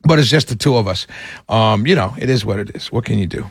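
A man's voice: lowish voice, fast, slightly rough, dry recording, studio quality. A man hosting a call-in radio talk show, chatty and friendly with callers. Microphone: studio microphone.

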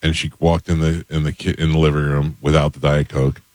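A man's voice: rumbling low, level tone, brisk, darkish tone, dry recording. A man hosting a morning radio show, telling stories in a dry way. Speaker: radio host. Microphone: studio microphone.

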